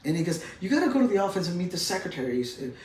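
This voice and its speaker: A man telling an animated anecdote as an interview guest, acting out other people's lines. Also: high-pitched, very fast, a little hiss or hum. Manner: lively storyteller who acts out other people's lines, with frequent fillers. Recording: roomy sound from a distant mic.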